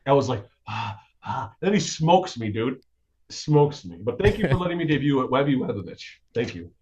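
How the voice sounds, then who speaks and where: A man guest co-hosting a podcast in casual chat, telling stories excitedly with plenty of swearing. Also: mid-range voice, fairly quick, highs cut off. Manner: excitable, swearing, lively storytelling. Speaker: guest co-host.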